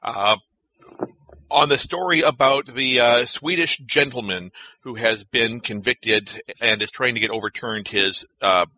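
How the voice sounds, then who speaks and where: A man's voice: mid-range voice, unhurried, bright, forceful tone. A man hosting a webcomics news podcast, making dry, sarcastic asides. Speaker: podcast host.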